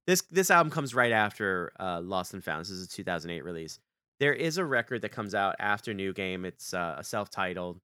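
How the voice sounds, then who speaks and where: Bright, crisp-voiced man telling a story. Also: no room sound, clean studio sound. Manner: animated, acts out quoted dialogue with big pitch jumps. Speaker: podcast co-host. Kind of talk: casual storytelling chat.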